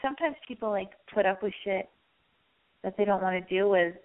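A woman hosting a casual call-in radio advice show, raspy and hoarse from losing her voice, talking candidly in a rambling way and swearing freely. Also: medium pitch, brisk, narrow, tinny audio.

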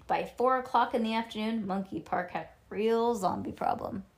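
A woman reading a children's book aloud to a child, lively and animated, with little asides. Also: fairly high pitch, moderate pace.

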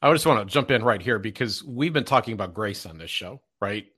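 A man's voice: fairly low pitch, lively intonation, fairly quick, pushed and bright, breathy edge. A man hosting a podcast interview, thoughtfully reflecting and rephrasing his points as he talks. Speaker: podcast host. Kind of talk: casual interview chat.

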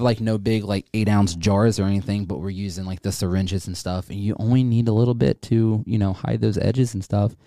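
A man's voice: fairly low pitch, dark tone, dry recording, studio quality. A man from co-hosting a casual podcast, rambling, swearing and stumbling over his words. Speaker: podcast co-host.

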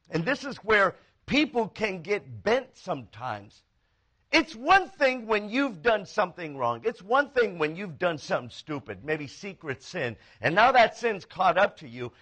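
A man preaching a sermon as a pastor, telling stories with animated, acted-out quoted voices. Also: high-pitched.

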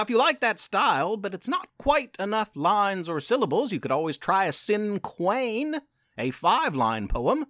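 Lively high-voiced male storyteller, unhurried. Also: no echo, clean studio sound. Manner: gentle, encouraging, playful. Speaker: podcast host and storyteller. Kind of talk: scripted storytelling narration.

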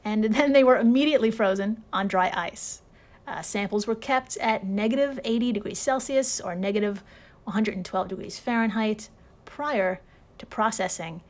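A woman's voice: medium pitch, moderate pace. A woman hosting a casual storytelling podcast, sarcastic, swearing freely and laughing often. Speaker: podcast host.

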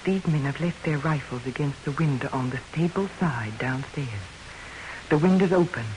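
A woman's voice: low voice, a little fast, darkish tone, slight background noise, natural voice, poor audio. An actress playing a blunt, protective frontier widow and mother in an old radio drama. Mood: determined. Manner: blunt, threatening and commanding. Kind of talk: 1940s radio acting.

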